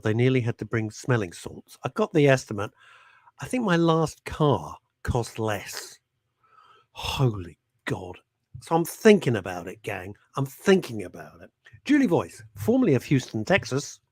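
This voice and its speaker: A man's voice: medium pitch, no room sound. A middle-aged man hosting a radio show, rambling and self-mocking with jokey asides. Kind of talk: chatty live radio presenting.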